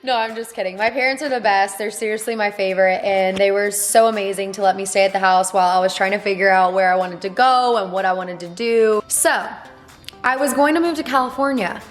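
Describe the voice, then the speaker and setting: A woman's voice: mid-range voice, a little fast, soft background music. A woman in her twenties chatting casually to camera from her home, bubbly and playful, with asides to her viewers. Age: 20s. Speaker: vlogger. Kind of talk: casual vlog chat to camera. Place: home in Dallas, in a swing chair.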